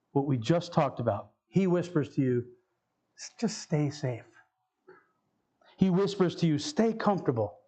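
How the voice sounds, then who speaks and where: Male pastor, high voice, casual preaching style that repeats key lines. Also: mellow, muffled recording. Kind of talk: sermon. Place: church sanctuary.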